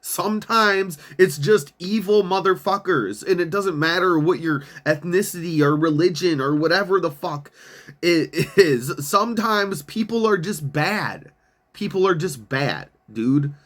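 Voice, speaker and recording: A man's voice: sits high, measured pace, fairly bright tone. A man hosting a podcast, ranting in casual, profane commentary, exasperated and laughing often. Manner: mocks others in put-on voices. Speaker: podcast host.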